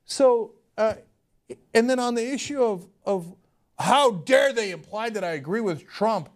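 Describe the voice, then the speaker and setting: A man's voice: sits high, lively intonation, unhurried. A man hosting casual political commentary, sarcastic and often laughing as he mocks what he quotes. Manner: sarcastic, laughing, mocking impressions.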